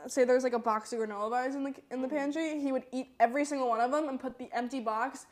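A young woman in her twenties chats on a podcast with a high, bright-pitched voice. She teases the others playfully and laughs through her stories. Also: quick pace. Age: 20s. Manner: playful, teasing, laughs while talking. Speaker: podcast participant. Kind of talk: casual chat.

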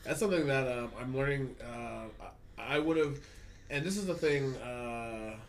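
A man's voice: mid-range voice, unhurried. Guy ranting about work on a podcast, swears a lot, bit of hiss behind. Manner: profane, ranting, animated storytelling. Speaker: podcast host. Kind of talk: casual chat. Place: Hollywood.

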